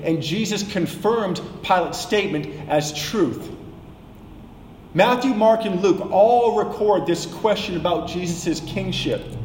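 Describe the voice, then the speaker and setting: A man teaching a sermon, measured and explanatory, slowing down for emphasis. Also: high-pitched, reverberant, in a large hall, slight background noise, poor audio. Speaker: preacher.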